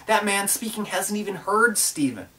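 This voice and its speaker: A man voicing a believer who protests in an urgent, hushed voice. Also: sits high, expressive, moderate pace, far from the mic, voice pushed up. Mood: indignant. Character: indignant male believer whispering at the back.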